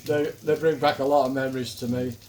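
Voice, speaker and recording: A man's voice: medium pitch, level tone, quick pace, a little mellow, slight background noise. An older man with a Manchester accent, chatting casually and swearing lightly while he cooks on a griddle. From England. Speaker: cooking vlogger. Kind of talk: casual chat while cooking.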